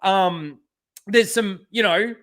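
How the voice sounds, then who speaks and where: Guy riffing on a stream, kinda high voice, rambles, swears here and there. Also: slow, a bit bright. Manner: rambling, swears freely, many fillers and asides. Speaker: channel host. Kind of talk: casual reaction commentary on a livestream.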